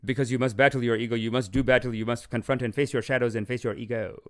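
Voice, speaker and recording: A man's voice: mid-range voice, fairly even intonation, fast. A man hosting a podcast in casual, rambling, joking talk, swearing and laughing often. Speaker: podcast host. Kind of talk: casual chat.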